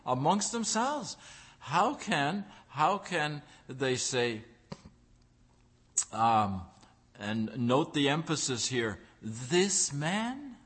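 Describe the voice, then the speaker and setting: A man's voice: mid-range voice, very animated, slow pace, a bit bright. A man preaching a sermon, driving his points home through repeated phrases and acting out the voices of the crowd. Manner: acts out crowd voices in quotes.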